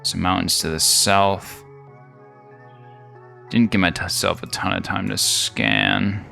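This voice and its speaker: A man hosting a game video, chatting casually and thinking out loud in a rambling, jokey way. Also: deep voice, sing-song, takes it slowly, vocal fry, faint music behind. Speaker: gaming video host.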